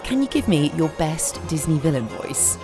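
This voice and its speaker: A woman's voice: low-pitched, very animated, moderate pace, music in the background. A woman presenting a scripted explainer in a playful, teasing way.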